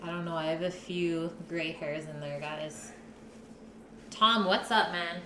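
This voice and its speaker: A woman's voice: fairly low pitch, steady tone, measured pace, pushed and bright, echoey room, slight background noise. A woman hosting a live cooking stream, chatting casually with her viewers and her partner while she cooks. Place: home kitchen.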